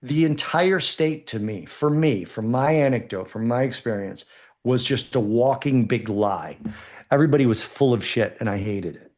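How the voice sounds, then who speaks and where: A man's voice: medium pitch, moderate pace. A man telling a long casual story on a podcast, swearing freely and acting out both sides of the conversation. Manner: animated, profane anecdotes with acted quotes. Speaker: podcast guest.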